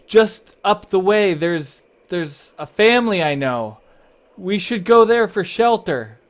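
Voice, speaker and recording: A man voicing a young woman guide who shouts to be heard over a storm. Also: sits high, lively intonation, slow, pitched above the performer's own voice. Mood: urgent shout.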